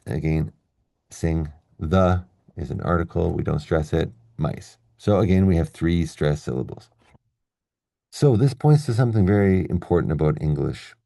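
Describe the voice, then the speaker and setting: A deep-voiced man with a gravelly edge teaches an English lesson, walking through each point step by step and checking in with the viewer. His tone is dark and mellow, and the sound is dry and close. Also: dry recording. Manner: explains step by step, checks in with "okay?" and "right?". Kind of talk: classroom-style video lesson.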